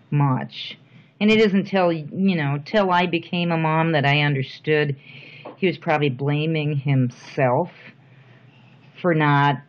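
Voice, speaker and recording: A middle-aged woman speaking softly and reflectively in a personal interview, with thoughtful pauses. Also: low voice. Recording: dull lo-fi recording.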